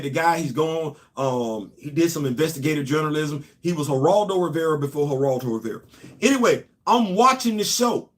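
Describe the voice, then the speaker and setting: A middle-aged man from New York hosting a casual opinion show, talking emphatically and swinging between loud points and low asides. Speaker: host.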